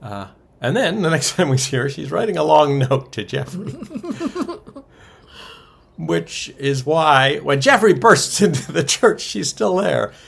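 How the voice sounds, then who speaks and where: A man's voice: a little high, lively intonation, measured pace, creaky, fairly bright tone, breathy edge. A man co-hosting a podcast, casually recapping soap opera episodes with wry asides and chuckles. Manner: wry, chuckles through summaries, many ums and uhs.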